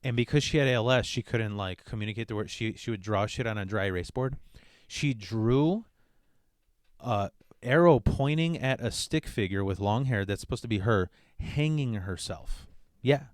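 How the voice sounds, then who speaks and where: A man's voice: lowish voice, moderate pace, no room sound, clean studio sound. A man hosting a podcast, talking in a blunt, profane comic monologue. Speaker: podcast host. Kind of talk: casual comedic monologue.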